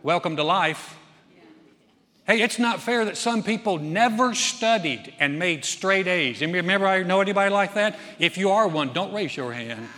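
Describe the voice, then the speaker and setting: A man's voice: high-pitched, lively intonation, normal speed, few pauses, sharp tone. A man preaching a sermon as pastor, folksy and joking, telling stories to his congregation in a church sanctuary. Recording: long reverb of a church hall.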